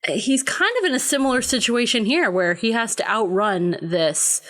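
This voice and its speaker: A woman's voice: fairly high pitch, moderate pace, a bit bright. A woman in a podcast conversation, steadily drawing parallels between film scenes. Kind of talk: casual film discussion.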